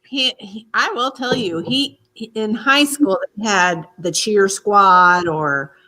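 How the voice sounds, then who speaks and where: A woman's voice: mid-range voice, slow pace, pushed and bright, rough recording. A middle-aged woman with a Midwestern accent, chatting and telling stories in a family vlog. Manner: chatty, laughing, storytelling. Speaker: vlogger host. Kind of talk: casual family chat.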